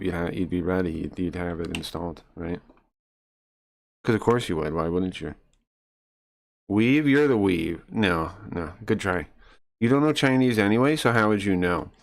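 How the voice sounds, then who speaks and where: A man streaming live, answering chat in a combative, mocking and crude way, sometimes dropping to low mutters. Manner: drops to low muttering asides. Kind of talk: casual live-stream rant.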